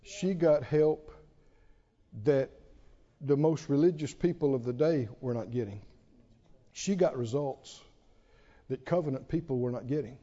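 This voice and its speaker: A man preaching a sermon in an animated, storytelling way, often chuckling. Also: medium pitch, a little slow, long pauses, long reverb tail, lo-fi sound.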